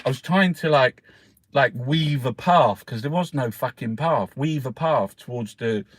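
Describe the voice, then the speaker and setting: A man's voice: mid-range voice, slight background noise. Rambling, swearing Irish man. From Ireland. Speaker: host. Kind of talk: casual newspaper review chat.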